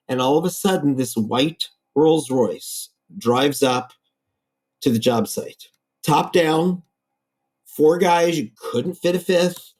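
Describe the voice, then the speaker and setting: A man, an architect guest, telling stories in a lively, animated way in a podcast interview. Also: on the high side, slow pace. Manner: lively storyteller, acts out quoted voices.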